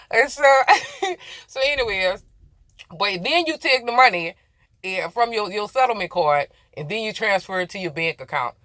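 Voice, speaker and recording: Rambling, bright-voiced woman trucker vlogging. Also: medium pitch, expressive, moderate pace, dry recording. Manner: rambling, laughing at herself, talking straight to viewers. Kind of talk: casual chatty explainer vlog. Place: inside a truck cab.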